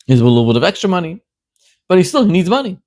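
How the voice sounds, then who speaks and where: A man, a rabbi, delivering a sermon as an animated storyteller who builds to emphatic questions. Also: high voice, racing, no room sound.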